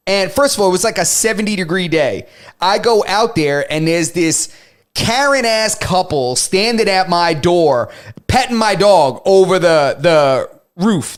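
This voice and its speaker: A man co-hosting a casual podcast, telling a long story and acting out both sides of the argument. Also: high-pitched. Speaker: podcast co-host. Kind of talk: casual chat.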